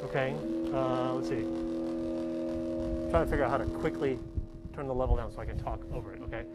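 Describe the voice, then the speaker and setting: A man's voice: mid-range voice, fairly quick, music in the background, poor audio. A male professor giving a casual, hands-on classroom demonstration and checking in with his students with a frequent "okay?". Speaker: college professor.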